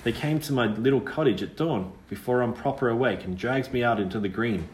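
A man's voice: mid-range voice, fairly quick, reverberant, lightly acted. A man voicing a pert, wary young witch girl's ghost who speaks in a rustic country dialect. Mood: bitter storytelling.

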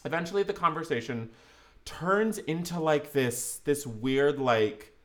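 A man co-hosting a podcast, telling a long made-up story in a rambling, animated way and apologizing for its length. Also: a little high, measured pace. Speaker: podcast co-host.

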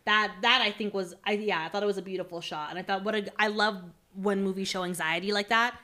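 A young woman co-hosting a casual movie review chat, animated, often laughing and quoting herself in lively voices. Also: medium pitch, fast talker. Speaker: podcast co-host.

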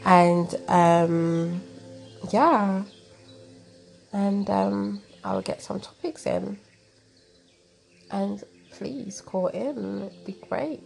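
A woman with a London accent hosts a relaxed call-in chat. She talks slowly with a gravelly, creaky edge and fills her pauses with ums. Faint music plays under her voice. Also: mid-range voice. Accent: London English. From England. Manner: slow and hesitant, many fillers. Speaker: host. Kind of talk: casual chat.

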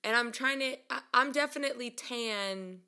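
A young woman telling a story casually and mocking herself, laughing often and jumping up in pitch when she acts out quotes. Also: normal speed, smooth. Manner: chatty and self-mocking, laughs a lot; animated, voice jumps up when acting out quotes. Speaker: vlogger.

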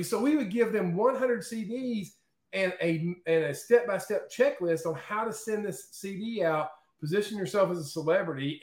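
A man guest in an interview, telling stories in a lively, chatty way and often checking in with "okay?" and "right?". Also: high-pitched, reverberant. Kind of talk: casual storytelling in an interview.

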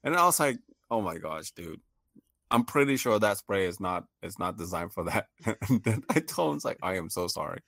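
A man's voice: lowish voice, very animated, moderate pace, creaky, fairly bright tone, dry recording. A man telling a funny story in casual chat, laughing often and acting out the voices of the people in it.

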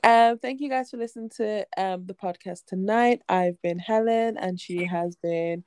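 A woman's voice: mid-range voice, normal speed, a little mellow, a little hiss or hum. A young woman from co-hosting a podcast, chatty and teasing, and sounding sleepy. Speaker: podcast co-host. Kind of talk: casual chat.

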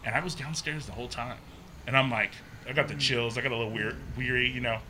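Young guy with a really bright voice telling a creepy story, animated, a bit of hiss behind. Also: fast. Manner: animated, acts out quotes with pitch jumps. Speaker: guest telling a ghost story. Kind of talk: casual storytelling.

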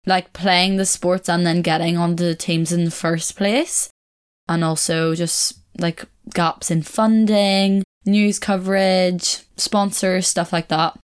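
A young woman with a slightly low voice chats casually to her viewers. She keeps second-guessing herself and laughing. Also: steady tone, slow, smooth. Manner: chatty, self-correcting, laughs often. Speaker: vlogger. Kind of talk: casual chat to camera.

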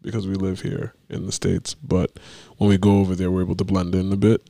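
A young man co-hosting a podcast in casual chat, hoarse from a cold, talking in a thoughtful, measured way. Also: low voice, monotone, dark tone, no echo. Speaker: podcast co-host.

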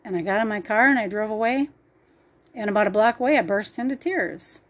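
Woman, middle pitch, earnest personal testimony, emotional and rambling. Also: animated, brisk. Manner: earnest, emotional storytelling with fillers. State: choked up at times.

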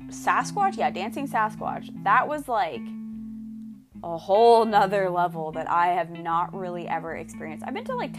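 A young woman from Canada gushing about a trip in a casual vlog, her voice sitting on the lower side for a woman. She swears freely and strings every phrase together with "like." Plucked guitar music plays clearly behind her. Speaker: vlogger. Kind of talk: casual chat.

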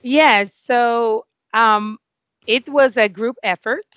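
A woman in her forties, a nurse being interviewed, telling an emotional story with many fillers and excited outbursts. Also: fairly high pitch, slow, no echo, dull audio. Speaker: award-winning nurse guest.

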